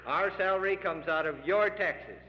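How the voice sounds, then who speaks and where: A man's voice: sits high, moderate pace, bright, forceful tone, slight background noise. A middle-aged man giving an earnest, emphatic public speech to farmers, pleading with his audience. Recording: lo-fi archival radio recording with long hall reverb.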